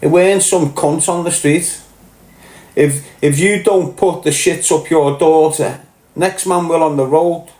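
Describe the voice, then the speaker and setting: A man's voice: fairly high pitch, fairly even intonation, a little slow, darkish tone. A man with a Liverpool accent hosting a livestream, talking bluntly and swearing as he reads out chat. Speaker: livestream host reading chat. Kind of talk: casual livestream rant. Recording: roomy echo.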